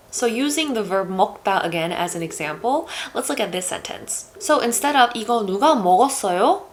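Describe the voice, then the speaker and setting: A woman's voice: medium pitch, a little hiss or hum. A woman teaching a Korean lesson in a casual, chatty way, using fillers like "you know" and "like".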